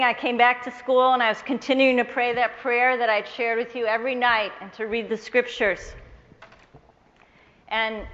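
A woman telling a personal faith testimony to an audience, earnest and measured, quoting the people in her story. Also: on the high side, a bit bright, long reverb tail, dull audio. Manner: earnest, measured storyteller who quotes others in her tale.

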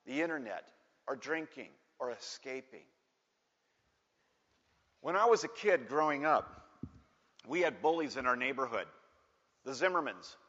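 Lively high-voiced preacher in an echoey hall. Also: male voice. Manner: animated, acts out voices in stories. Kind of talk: storytelling sermon. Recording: dull echoey hall recording.

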